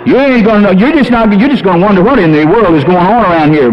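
A man preaching a sermon as a pastor, folksy and animated, telling humorous stories. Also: high-pitched, quick pace. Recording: dull lo-fi sermon recording.

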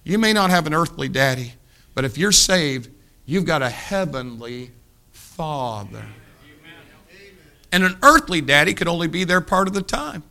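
Bright-voiced older male preacher. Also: fairly high pitch, gravelly. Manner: storytelling, shifts between hushed and emphatic. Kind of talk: sermon.

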